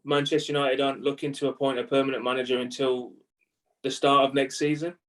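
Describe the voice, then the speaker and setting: An easygoing man in a relaxed football chat, putting questions to his co-host. His voice sits at a middle pitch and sounds a little distant from the microphone. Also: quick pace. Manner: easygoing, asks questions, laughs along. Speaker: podcast co-host.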